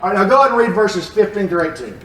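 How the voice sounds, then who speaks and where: A man teaches a Bible passage in an animated, joking way. His voice sits high for a man. He sounds distant from the mic, in an echoey church room. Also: racing, slight background noise.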